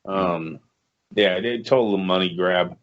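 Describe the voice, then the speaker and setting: A man's voice: low voice, slow pace, a little hiss or hum. A man co-hosting a casual boxing podcast, giving blunt, profane opinions. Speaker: podcast co-host. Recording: lo-fi podcast audio.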